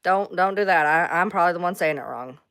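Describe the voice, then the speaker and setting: A woman with a lowish, smooth, clear voice chats casually on her livestream. She rambles from one thing to the next, responds to viewers' comments and drops the odd swear word. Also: quick pace, a bit bright. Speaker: livestream host.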